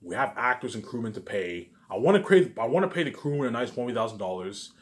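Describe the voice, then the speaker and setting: A man's voice: mid-range voice, big pitch swings, fast talker. A man rambling through a daydream monologue, stumbling over restarts and saying "obviously" and "you know what I'm saying" over and over. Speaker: vlogger.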